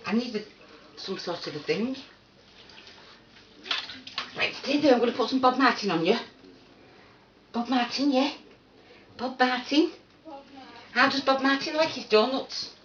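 A woman's voice: fairly high pitch, a little hiss or hum. A woman talking casually in a home vlog, chatting and cooing in a sing-song way to her dog at a sink. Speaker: vlogger. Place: indoors at a sink, small room. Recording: echoey room, voice far from the mic, dull sound. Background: running water and splashing.

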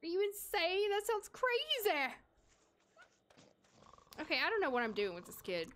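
Giggly high-voiced young woman streamer. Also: wildly swooping pitch, a little slow, fairly bright tone, a little hiss or hum. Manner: chatty and giggly, talks to chat and to her characters. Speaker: game streamer. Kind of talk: casual live-stream chat over gameplay.

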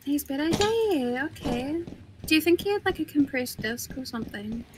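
A woman's voice: high-pitched, animated, normal speed, background noise. A young woman streaming a game, chatting casually and playfully, laughing often and teasing her co-player. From half British, mother from Kent. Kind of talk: casual chat while gaming.

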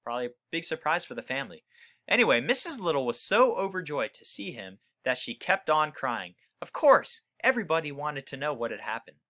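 A man reading a children's book aloud, pausing to explain words to young listeners in a friendly way. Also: a little high, big pitch swings, pushed and bright. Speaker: reader for children.

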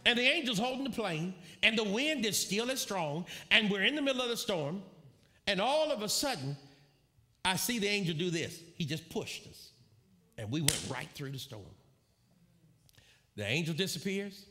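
A man preaching a sermon, telling a story with animated, shouted quotes and bursts of laughter. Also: high-pitched, normal speed. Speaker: pastor.

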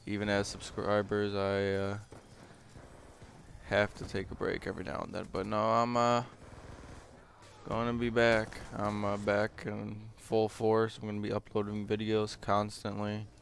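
A man's voice: lowish voice, completely flat delivery, a little slow, gravelly, slight background noise. A young man giving casual, rambling gameplay commentary, full of hesitant fillers.

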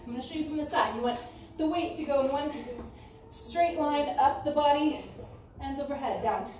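A woman's voice: sits high, normal speed, darkish tone, slight background noise. A woman fitness instructor from the United States, coaching a home workout and counting reps while exercising, a little out of breath. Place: home room with ceiling fan. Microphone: camera some distance away. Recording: roomy, distant from the mic, with music. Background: background music.

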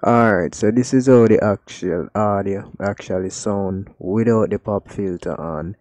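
A man's voice: on the low side, a little slow, darkish tone. A man hosting a casual tech unboxing vlog, talking loosely and repeating "actually" and "like", recorded raw and unedited on a USB mic close to his mouth. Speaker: tech channel host. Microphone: USB desktop mic close to mouth. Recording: raw unedited mic audio, faint music.

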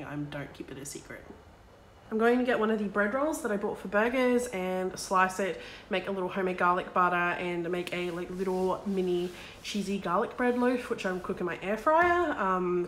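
A woman's voice: fairly low pitch, a little hiss or hum. A young woman talking casually in a day-in-the-life vlog, candid and rambling with plenty of ums and likes. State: congested with a cold. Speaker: vlogger.

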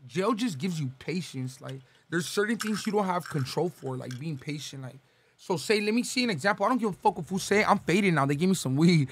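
A young man from Los Angeles, talking casually as a podcast guest, swearing and slangy, reeling off shout-outs. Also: sits high, lively intonation, brisk, a little hiss or hum.

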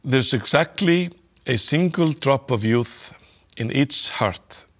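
Sly greedy space trader, as a male reader puts him on, smug sales patter, mid-pitched. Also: lively intonation, slow pace.

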